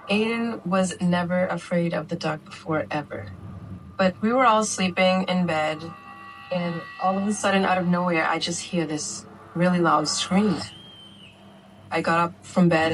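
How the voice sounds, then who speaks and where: A woman with a lowish voice tells her story steadily and earnestly, like an interview testimony. A faint hiss of room noise sits under her words. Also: rough recording. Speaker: mother telling her family's story.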